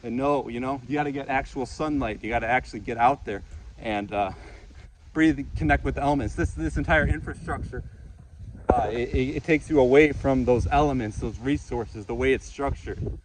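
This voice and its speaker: A man's voice: mid-range voice, normal speed, a little hiss or hum, poor audio. A man delivering an impassioned, profane monologue outdoors among trees, repeating himself as he rants. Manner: intense, profane, repetitive ranting. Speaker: vlogger.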